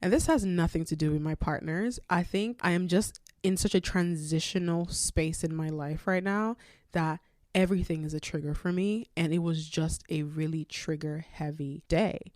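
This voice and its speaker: A young adult woman hosting a solo podcast, chatting in an animated way with lots of filler words. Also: low voice, moderate pace, no room sound, clean studio sound. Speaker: podcast host. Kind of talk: casual solo podcast chat.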